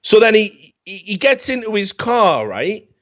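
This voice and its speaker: A man's voice: high-pitched, sing-song, a little slow, a bit bright. A man, hosting a talk show and ranting comically about a film in a profane, rambling, mocking way. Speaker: podcast host. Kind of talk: comedic film rant. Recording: dull lo-fi sound.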